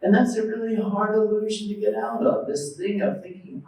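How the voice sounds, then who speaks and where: A preacher with a high voice delivers a devotional talk in a temple hall. He tells stories, acts out the voices he quotes and keeps asking the audience questions. He is heard from some way off, in a strongly echoing room with a faint hum of ambience. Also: normal speed. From United States. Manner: lively storytelling, acting out quoted voices. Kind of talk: devotional lecture. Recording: very echoey hall, mic at a distance.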